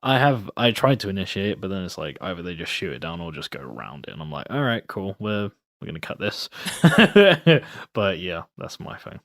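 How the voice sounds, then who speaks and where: A young man chatting casually as a podcast guest, telling a long story in a relaxed way and acting out his friends' lines. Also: low voice, fairly quick, few pauses, no room sound. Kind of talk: casual chat.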